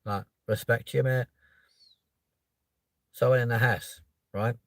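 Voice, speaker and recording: A man's voice: mid-range voice, a little slow, no room sound. A man in his thirties with a London accent, telling a long story in casual talk, swearing freely and tagging lines with "right?". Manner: animated, voice jumps up when quoting himself. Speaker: podcast host.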